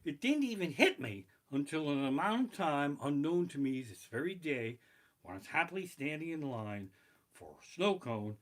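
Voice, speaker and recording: A man performing a profane stand-up comedy set, streamed live from his living room, breaking into shouted bursts of panic. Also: fairly high pitch, big pitch swings, normal speed. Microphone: basic home streaming mic.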